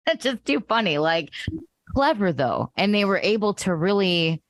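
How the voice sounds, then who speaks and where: A woman's voice: medium pitch, big pitch swings, measured pace, no echo. A woman co-hosting a podcast, talking in a blunt, profane ranting way in casual chat. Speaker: podcast co-host.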